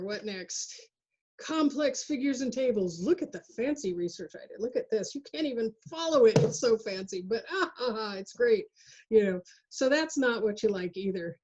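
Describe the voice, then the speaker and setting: A woman presenting an online workshop lecture over a video call, chatty and jokey with animated asides. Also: mid-range voice. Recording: dull lo-fi video call audio.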